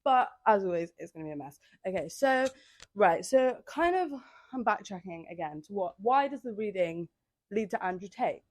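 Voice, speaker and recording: A woman's voice: medium pitch, lively intonation, moderate pace, a little mellow, dry recording. A young woman hosting a casual solo podcast, chatting in a rambling, filler-heavy way with sassy asides, recorded outdoors on a handheld microphone. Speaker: podcast host. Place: outdoors on holiday by the sea.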